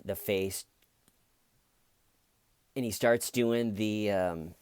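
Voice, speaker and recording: A man hosting comedic true crime commentary, an animated storyteller who acts out the quotes. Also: on the low side, slow pace, pauses often, clear, resonant tone, no room sound. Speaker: channel host.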